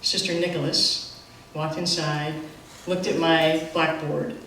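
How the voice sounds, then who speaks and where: A middle-aged woman telling a live personal story on stage, animated and self-mocking, with quick asides. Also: low voice, a little hiss or hum. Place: theater stage. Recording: echoey theater from far off.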